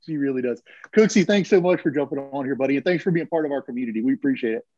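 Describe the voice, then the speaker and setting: A man's voice: medium pitch, very fast, dark tone, no room sound, highs cut off. A man hosting a casual live call-in podcast over a video call, teasing his callers. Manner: joking, teasing banter with callers. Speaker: podcast host.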